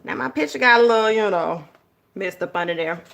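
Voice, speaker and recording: A woman's voice: medium pitch, animated, brisk, creaky, fairly bright tone, slight background noise. A woman hosting a casual planner-craft livestream, chatting to viewers as "y'all" and "honey.". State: out of breath. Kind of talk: casual livestream tutorial chat.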